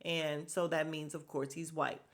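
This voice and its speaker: A woman's voice: deep voice, measured pace. A young woman hosting a podcast, recapping a reality show in blunt, gossipy casual chat and swearing freely. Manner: blunt, gossipy, swears freely, quotes cast members in animated voices.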